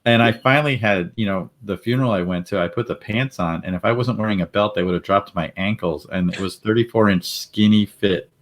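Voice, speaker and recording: A middle-aged man telling a story casually, animated and laughing often as he acts out the voices of the people in it. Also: fairly low pitch, brisk, hardly any pauses. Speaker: panel guest.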